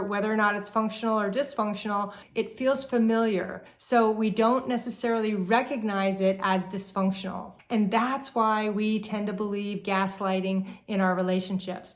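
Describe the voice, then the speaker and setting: Calm woman explaining to viewers. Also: mid-range voice. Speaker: relationship therapist host. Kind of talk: educational talk to camera.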